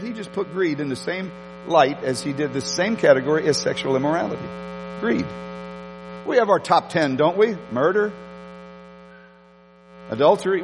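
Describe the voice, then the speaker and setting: Animated man preaching in an echoing hall. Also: high voice. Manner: animated storytelling, emphatic repetitions. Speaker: pastor. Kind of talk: sermon.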